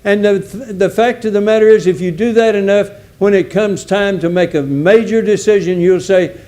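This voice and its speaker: A man's voice: high voice, moderate pace, few pauses, mellow. A man preaching a sermon in a folksy, emphatic way, repeating key words for weight. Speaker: visiting preacher.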